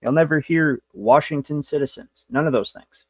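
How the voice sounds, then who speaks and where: A man's voice: a little high, moderate pace, breathy edge, dry recording. A man hosting a livestream, lecturing in a brash, rambling, profane way. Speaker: show host.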